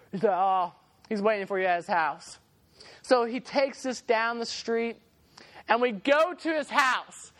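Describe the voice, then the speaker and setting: Young guy preaching to a youth group, laughs a lot, swings from loud to hushed as he tells a story. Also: extremely high pitch. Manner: animated, laughing, acts out the voices in his story. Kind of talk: casual storytelling sermon.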